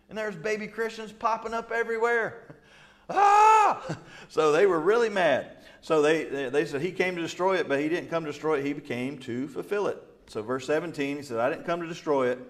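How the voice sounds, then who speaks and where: Man, middle-aged, pastor, animated sermon, church, mid pitch. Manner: animated, acts out quotes with laughs and asides. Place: church sanctuary.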